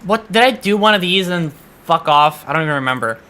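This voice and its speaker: A man's voice: high-pitched, expressive, fairly quick, pushed and bright, smooth. A man streaming a game and chatting casually, exasperated, swearing often and stumbling over restarts. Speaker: VTuber streamer. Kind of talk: casual gaming stream chat.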